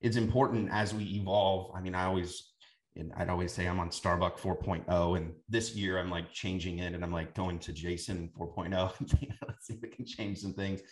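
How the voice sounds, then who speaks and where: A man's voice: deep voice, fairly even intonation, moderate pace. A man hosting a casual interview, asking rambling questions with restarts. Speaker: podcast host. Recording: roomy echo.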